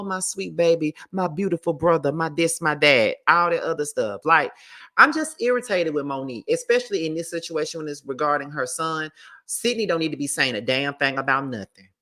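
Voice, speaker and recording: A woman's voice: low-pitched, pushed and bright. A woman giving blunt, profane gossip commentary and reading text messages aloud. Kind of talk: opinionated commentary.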